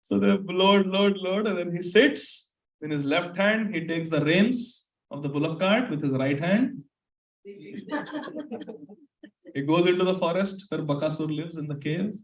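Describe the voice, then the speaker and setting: A man telling a story to children, animated and acting out the characters. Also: high voice, measured pace, far from the mic. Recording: echoey room, off-mic.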